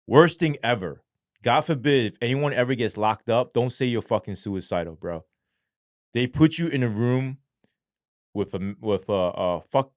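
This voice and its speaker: A man's voice: on the low side, dry recording, studio quality. A man telling a story as a podcast guest in a casual, profane, slangy way, rambling with lots of fillers. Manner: animated, acts out quoted voices.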